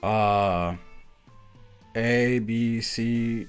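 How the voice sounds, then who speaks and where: A man's voice: mid-range voice, animated, a little fast. A young man from Mexico streaming, chatting casually and mocking himself with a lot of laughter. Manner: joking, self-mocking, laughs often. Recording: music playing behind.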